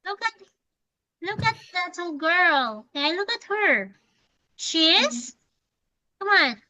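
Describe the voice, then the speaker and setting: Woman teacher, bright high voice, dry close sound, unhurried coaxing delivery for a kid's lesson. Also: very animated, dry recording, low-quality recording. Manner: patient, coaxing, repeats prompts. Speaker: English teacher. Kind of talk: one-on-one lesson with a child.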